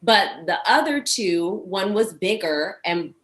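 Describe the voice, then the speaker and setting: A young woman, a podcast guest, telling a personal story in a relaxed, chatty way and quoting what others said. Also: medium pitch, slow, echoey room, a crowd in the background. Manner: animated anecdote with quoted asides. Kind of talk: casual storytelling.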